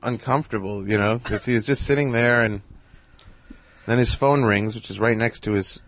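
A man telling a casual story in a relaxed, halting way, with lots of "you know". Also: lowish voice, poor audio. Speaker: podcast host and comedian.

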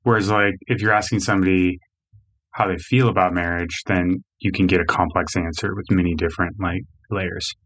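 A man co-hosting a podcast, giving his opinions in casual chat, measured and hedging with "I mean.". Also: low-pitched, fairly even intonation, a bit bright. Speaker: podcast co-host.

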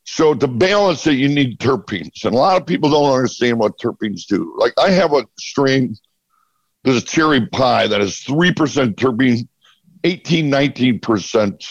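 Animated man telling a story. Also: mid-range voice, normal speed, dry recording, highs cut off. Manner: animated, laughing, acts out dialogue. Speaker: interview guest. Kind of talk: casual storytelling chat.

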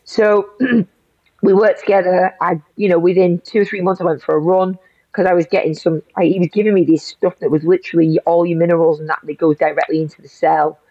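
A woman's voice: lowish voice, no room sound. A woman, a guest in an interview, telling a personal story in an emotional rush full of restarts. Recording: dull lo-fi audio.

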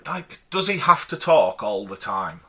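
A man's voice: on the low side, big pitch swings, measured pace, crowd noise. A man cohosting a casual podcast, teasing his cohost and reading out listener messages. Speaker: podcast co-host.

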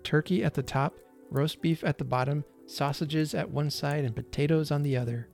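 A man narrating a classic holiday story in a gentle, expressive storytelling manner. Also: fairly high pitch, moderate pace, gravelly, faint music behind.

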